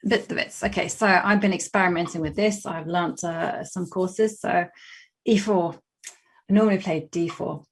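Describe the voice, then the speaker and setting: A woman's voice: lowish voice, fairly even intonation, normal speed, husky. A young adult woman with a West London English accent, chatting casually and laughing often while she plays chess on a live stream and thinks aloud. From England.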